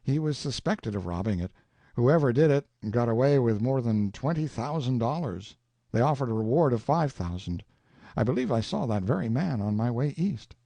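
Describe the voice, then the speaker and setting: A man's voice: mid-range voice, lively intonation, normal speed, vocal fry, mellow, no room sound, pitched above the performer's own voice. A man voicing an earnest, eager young man who speaks plainly and trustingly.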